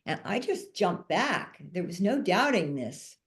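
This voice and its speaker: A woman on a panel, telling a personal story in a soft-spoken, emotional way. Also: medium pitch, very animated, unhurried. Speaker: panel speaker.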